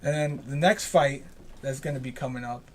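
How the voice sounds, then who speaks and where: Young male co-host, mid-pitched, rambling and profane, loose live-stream chat. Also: fairly quick, a little hiss or hum. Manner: profane, rambling, laughs often. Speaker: podcast co-host.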